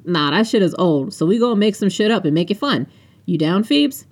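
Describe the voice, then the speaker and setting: A woman's voice: mid-range voice, lively intonation, brisk, close to an everyday voice. A woman doing a brash joking party guy. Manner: joking, loud and swaggering.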